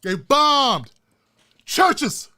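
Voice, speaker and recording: A middle-aged man hosting his own online show, ranting with fiery, profane, preacher-like repetition and swinging from hushed asides to shouting. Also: very high-pitched, very animated, very slow. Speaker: YouTube show host. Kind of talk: impassioned vlog rant.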